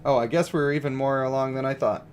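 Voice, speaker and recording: A man's voice: mid-range voice, steady tone, quick pace, a little mellow, slight background noise. A man giving casual, joking livestream commentary on a mobile game and greeting viewers. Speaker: gaming streamer.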